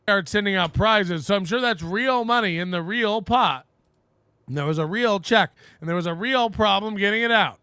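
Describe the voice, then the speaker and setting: A man's voice: high-pitched, moderate pace, sharp tone, clean tone, dry recording. A man chatting casually on a livestream, joking wryly and reading viewer messages aloud. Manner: wry, joking, reads chat messages aloud.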